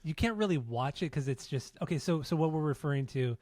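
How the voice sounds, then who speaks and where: A man's voice: on the high side, expressive, fairly quick, a little mellow, no echo. Laid-back man, profane, dry close mic. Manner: loose, profane storytelling with frequent laughs. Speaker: podcast co-host. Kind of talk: casual chat.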